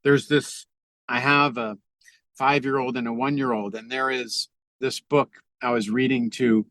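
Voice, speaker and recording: A middle-aged man talks earnestly over a video call, pausing and restarting often as he works through his thoughts. His voice sits at an ordinary pitch and the sound is dry and close. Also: level tone, fairly bright tone, dry recording. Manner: earnest, halting, with frequent fillers and restarts. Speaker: podcast guest, author. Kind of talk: reflective conversational talk.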